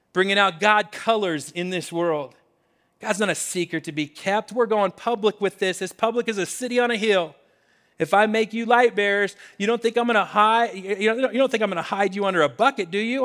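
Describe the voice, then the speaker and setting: A man's voice: high voice, fairly quick, fairly bright tone. A man preaching a sermon in an emphatic, conversational way, often repeating his phrases. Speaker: pastor.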